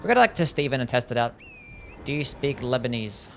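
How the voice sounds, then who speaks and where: A man in the middle of a live game stream, talking to his chat at an ordinary, mid-range pitch. He speaks loosely and offhandedly, with casual swearing and laughter mixed in. A faint noise sits under his voice. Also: sing-song, fast, vocal fry, a bit bright. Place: home streaming setup.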